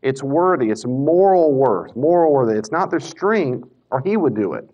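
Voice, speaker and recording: Guy teaching a bible class, mid-pitched voice, acts out the quotes, dull lo-fi bluetooth mic. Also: moderate pace. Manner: animated, acts out quoted speakers, self-corrects. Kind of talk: casual classroom lecture. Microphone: Bluetooth mic that cuts out. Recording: dull lo-fi lecture recording.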